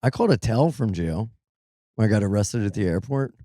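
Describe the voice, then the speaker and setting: A man's voice: lowish voice, animated, a little fast, mellow, dry recording, studio quality. A man co-hosting a podcast, a comedian telling wry, self-mocking stories in casual chat.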